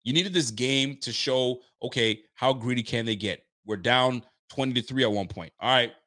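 A man's voice: mid-range voice, normal speed, pushed and bright. A man from Nova Scotia casually chatting on his livestream, hyped and loose, repeating himself as he talks to viewers. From Nova Scotia, Canada. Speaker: sports fan streamer.

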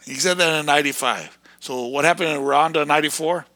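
A man ranting in a fiery, erratic preaching monologue, breaking into sudden shouted bursts. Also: a little high, fast talker, no echo.

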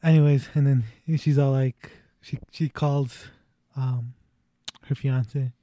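Dark-toned young man rambling through a plot. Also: medium pitch, level tone, takes it slowly, no echo, clean studio sound. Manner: rambling, laughing, swearing casually. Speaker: friend in a movie discussion. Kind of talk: casual chat, retelling a movie plot.

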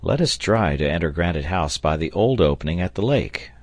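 A man voicing a composed engineer who speaks in a quiet, measured way. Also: low voice, expressive, dry recording. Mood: calm. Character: calm, steady engineer and leader, adult man.

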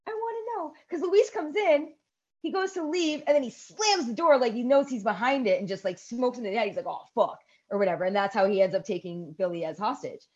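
A woman in her thirties co-hosting a podcast, casually retelling a movie scene by scene, swearing and shrieking the characters' yells. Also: on the high side, brisk, lo-fi sound. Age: 30s. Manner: animated storytelling with loud shrieks and swearing. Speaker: podcast co-host. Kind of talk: casual chat recapping a movie.

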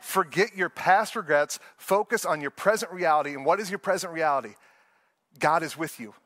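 A man's voice: a little high, normal speed, fairly bright tone, no room sound. A man preaching an earnest, conversational sermon, often laughing and restarting his sentences. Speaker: pastor.

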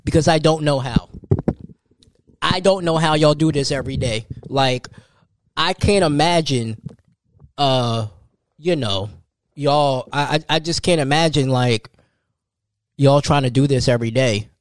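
A man, hosting a solo podcast and telling an animated story. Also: unhurried, pauses often, no echo, studio quality. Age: 30s. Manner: animated storytelling, jumps high for quoted voices. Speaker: podcast host.

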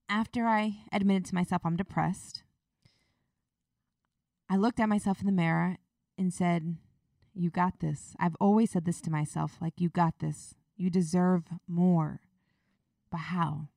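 A young woman hosts her own podcast and speaks straight to her listeners in an earnest, confiding way. Her voice sits fairly low for a woman and has a gravelly edge. The sound is dry, with no room echo, and she is a little away from the mic. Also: warm tone, distant mic. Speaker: podcast host. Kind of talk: personal podcast monologue.

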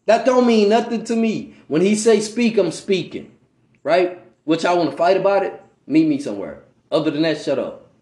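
This man's voice sits high with a darkish tone, and the audio is reverberant. He preaches casually on a podcast, offering informal religious teaching in slangy street talk, frequently asking "right?" and tripping over words when reading aloud.

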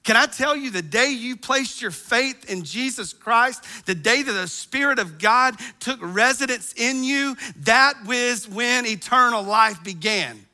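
A middle-aged pastor preaching with an animated, storytelling delivery. His voice is high and very bright, and it cuts right through. He acts out groans and sighs to bring his stories to life. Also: a little slow, hardly any pauses. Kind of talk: sermon.

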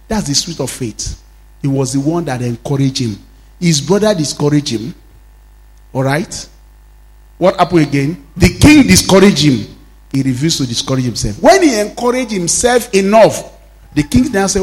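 A man with a Nigerian accent preaching a sermon in a high voice. He acts out the Bible dialogue as he tells it and calls out to the congregation for responses. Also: expressive, moderate pace, darkish tone. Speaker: pastor.

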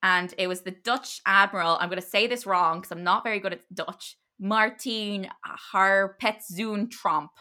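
A woman's voice: lowish voice, a little fast, hardly any pauses, bright, forceful tone. A woman casually retelling a history story to her podcast co-host, chatty and loose, with many fillers and restarts.

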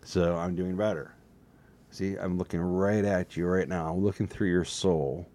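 A man talking alone to his webcam in a rambling, self-mocking way, with a slightly hoarse voice. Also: sits low, fairly even intonation, normal speed, warm tone. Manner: self-mocking, jokey, drifts between topics. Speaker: solo vlogger. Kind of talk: rambling casual monologue to camera. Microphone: desk setup facing a webcam.

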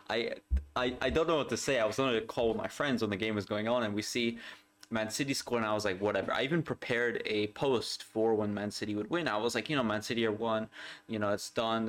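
A young man hosting a solo football podcast in casual talk, excitable and rambling, often repeating himself and laughing. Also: lowish voice, brisk.

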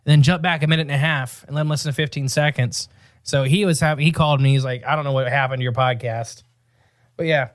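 A man's voice: a little high, no room sound, studio quality. A man co-hosting a podcast, rambling and joking in casual banter. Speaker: podcast co-host.

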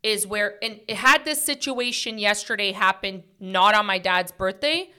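Bright-voiced chatty woman. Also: medium pitch, measured pace, clear, resonant tone. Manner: earnest, talkative, many "like" and "right?" fillers. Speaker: podcast host. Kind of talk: casual heart-to-heart chat.

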